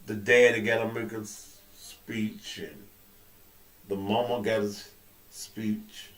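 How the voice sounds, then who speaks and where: A man with a cold, hosting his own show with loud, profane commentary that swings between low mutters and outbursts. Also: little pitch movement, takes it slowly. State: suffering with a cold. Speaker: show host. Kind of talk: casual talk-show commentary. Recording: echoey room.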